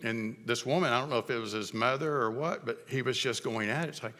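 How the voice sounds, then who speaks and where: A middle-aged man preaching a sermon as pastor, telling stories in a conversational way with halting restarts. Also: mid-range voice, pushed and bright, in a large hall. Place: church sanctuary.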